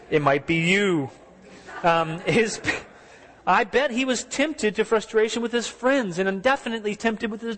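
A pastor preaches a sermon earnestly and conversationally, putting questions to his listeners along the way. His voice is on the high side with a fairly bright tone, and a long reverb tail trails his words.

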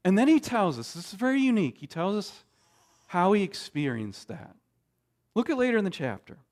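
A man preaching a sermon, emphatic, with dramatic pauses and frequent restarts. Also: high voice, sing-song, darkish tone. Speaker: pastor.

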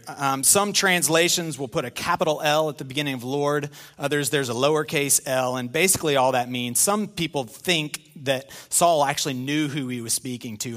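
Bright-voiced, lively pastor preaching. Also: male voice, on the high side. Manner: animated, conversational, self-deprecating humor. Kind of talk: sermon.

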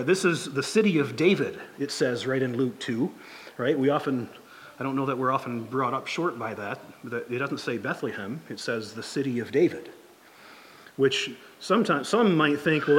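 A man preaching a sermon as a pastor, talking in a conversational, halting way with frequent restarts and fillers. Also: mid-range voice, a bit bright, a little hiss or hum.

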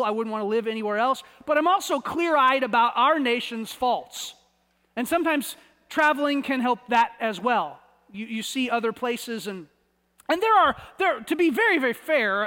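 A man's voice: extremely high pitch, bright, forceful tone, long reverb tail. A man from the United States preaching a sermon, conversational and often repeating words as he searches for the phrasing. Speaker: pastor.

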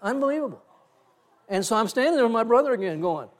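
A middle-aged male pastor preaching a sermon, telling a story with animated swings and sudden loud bursts. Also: extremely high pitch, fast.

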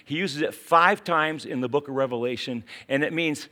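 A man with a West Virginia accent preaching a sermon, dropping to quiet asides and then rising to urgent, emphatic calls. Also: fairly high pitch, normal speed, slight background noise. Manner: dramatic swings from hushed asides to urgent exclamations. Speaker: pastor.

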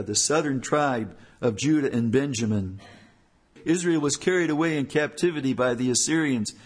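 A man preaching a sermon as a church elder, his voice a little husky. He speaks earnestly and leans on repeated phrases for emphasis. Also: medium pitch.

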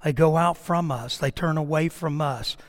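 A middle-aged man preaches from the pulpit with a notably high voice. He swings from emphatic, rising declarations to hushed, quiet lines. His words ring out with a long reverb through a church sanctuary. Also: moderate pace. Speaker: pastor. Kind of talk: sermon.

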